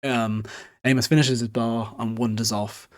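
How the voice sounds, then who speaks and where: A man's voice: mid-range voice, level tone, moderate pace. A man casually recapping a novel chapter on his podcast, chatty and self-deprecating, swearing freely.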